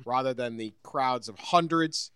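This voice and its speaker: A man co-hosting a sports podcast, telling lively stories in casual chat and laughing often. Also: medium pitch, unhurried, smooth, dry recording. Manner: animated storyteller, laughs often.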